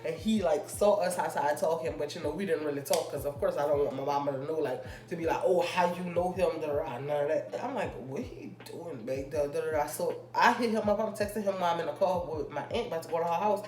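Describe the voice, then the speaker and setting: Chatty young woman with a low voice. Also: darkish tone. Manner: chatty, rambling, drawn-out fillers. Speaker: vlogger. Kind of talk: casual storytime chat. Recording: echoey room with faint music.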